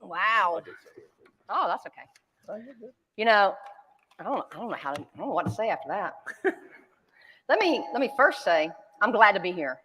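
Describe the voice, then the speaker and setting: Speaking with a Southern accent, a North Carolina woman gives a keynote talk in a large conference hall, telling stories in a chatty, self-deprecating way. Her mid-range voice is sing-song, moderately paced and full of pauses, with a noisy background and long hall reverb.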